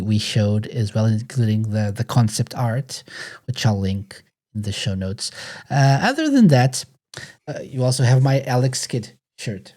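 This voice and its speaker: A male podcast host with a mellow, darker voice, chatting casually with his guests. He sounds relaxed and laughs easily as he talks. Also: lowish voice.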